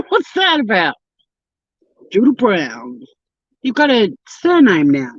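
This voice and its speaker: A woman's voice: on the high side, huge pitch swings, unhurried, no room sound, muffled recording. An Australian woman from Tasmania chatting casually and swearing freely while she drives and answers a live chat. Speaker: livestream host. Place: in a car, driving.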